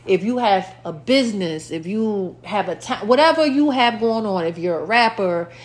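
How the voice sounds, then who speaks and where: Rambling woman podcast host. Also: medium pitch. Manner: rambling, repeats herself, filler-heavy. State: dry mouth. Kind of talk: casual solo podcast chat.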